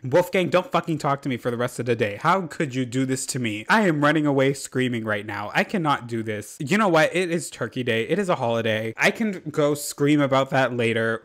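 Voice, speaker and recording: A man's voice: medium pitch, a bit bright. A man giving casual gameplay commentary, dramatic and exasperated, swearing freely. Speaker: gaming vlogger.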